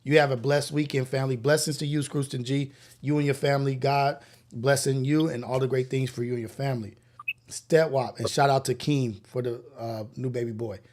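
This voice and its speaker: Livestream host, man, mid-pitched, reads super chats and thanks viewers, a little short of breath. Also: fairly even intonation, a little fast, a little mellow. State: slightly out of breath. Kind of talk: live show chat reading.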